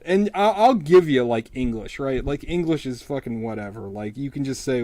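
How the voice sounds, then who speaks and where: A man vlogging while he draws, ranting casually about a movie in a rambling, profane way, his voice jumping up in pitch when he gets exasperated. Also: moderate pace, hardly any pauses, mellow. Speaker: artist vlogger. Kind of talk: casual rant while drawing.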